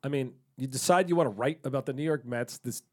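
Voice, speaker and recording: A man's voice: mid-range voice, fast, darkish tone. A man hosting a podcast who asks questions in a casual chat and swears bluntly now and then. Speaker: podcast host.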